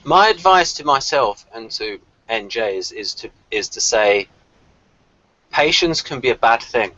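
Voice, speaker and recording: Animated man on a lo-fi call. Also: medium pitch, unhurried, no room sound. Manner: lively, animated, laughs often. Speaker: discussion host. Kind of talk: casual online group discussion. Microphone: video call. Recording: dull lo-fi call audio.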